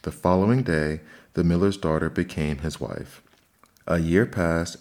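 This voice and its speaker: A man narrating fairy tales in a measured, expressive storybook reading. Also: sits low.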